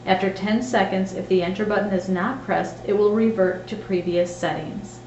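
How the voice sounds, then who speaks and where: A woman giving scripted, step-by-step instructional narration in a clear, measured way. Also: mid-range voice, steady tone, reverberant, lo-fi sound, over music.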